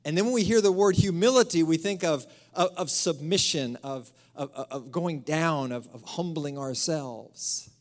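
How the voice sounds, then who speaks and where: A man, a pastor delivering a sermon in a church, who preaches with energy and drops to a hushed, breathy emphasis on key phrases. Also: on the high side, measured pace, few pauses. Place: church sanctuary.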